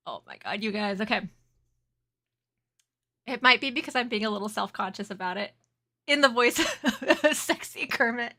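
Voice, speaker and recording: A woman's voice: fairly high pitch, pushed and bright. A woman streaming a game, chatting casually with viewers, laughing often and flustered. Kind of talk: casual live-stream chat.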